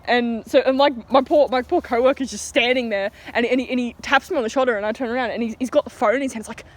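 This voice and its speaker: A woman's voice: fairly high pitch, quick pace. A young Australian woman telling a story casually outdoors, rambling with lots of fillers and giggles.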